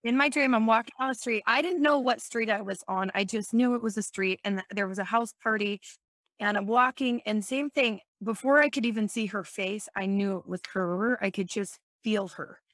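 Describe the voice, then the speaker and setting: A woman's voice: medium pitch, moderate pace, fairly bright tone, no echo. Guest, woman, earnest storyteller, dry close sound. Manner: earnest, vivid retelling with quoted dialogue. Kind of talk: emotional personal storytelling.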